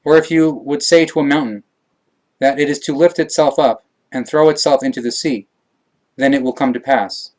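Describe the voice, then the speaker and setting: A man reading passages of a scripture aloud, slow, measured and solemn. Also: medium pitch, a little mellow. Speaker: reader.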